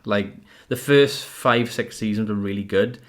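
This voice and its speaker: Rambling podcast host with a lower voice. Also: male voice, a little slow. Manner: rambling, many fillers, laughs often. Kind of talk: casual chat. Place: home. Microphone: audio-only podcast mic.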